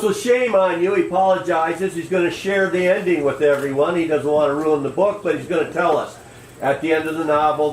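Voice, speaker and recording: A man guiding a tour, telling a long story to a group in a folksy, animated way. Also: a little high. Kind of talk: storytelling to a crowd. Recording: roomy distant recording with faint ambience.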